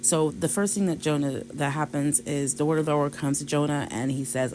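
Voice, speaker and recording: On a low-quality recording with a faint hiss or hum, a woman with a low, darkish voice speaks in a steady tone, a little fast and with few pauses. She hosts a devotional podcast, retelling a scripture passage casually as Bible study talk, quoting voices and adding light laughs.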